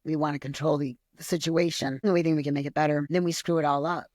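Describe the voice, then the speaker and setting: A woman's voice: low-pitched, steady tone, fast talker, a little mellow, dry recording, clean studio sound. A woman co-hosting a podcast, talking candidly about a personal change. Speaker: podcast co-host. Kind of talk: casual chat.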